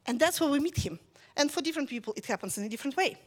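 A woman with a high voice preaches in a relaxed, conversational way. She tells a story with lively asides and keeps checking in with her listeners. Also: very fast. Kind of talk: conversational sermon.

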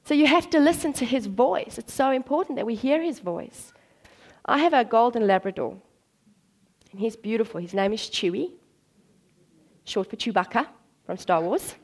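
Female preacher, lively storyteller, slightly high pitch. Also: moderate pace, long pauses. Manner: animated storytelling, acts out voices. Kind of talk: sermon.

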